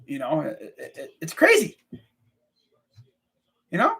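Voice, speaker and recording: A man's voice: on the high side, wildly swooping pitch, slow pace, vocal fry, a bit bright, slightly rough. A young man hosting a casual sports rant, exasperated and repeating himself as he vents. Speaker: sports channel host.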